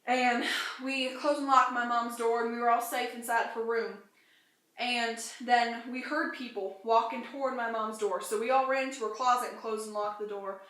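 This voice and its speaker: A woman's voice: fairly high pitch, steady tone, normal speed, a bit bright. A young woman casually recounting a story in a plain, run-on way. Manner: plain, run-on "and then" telling. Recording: echoey room.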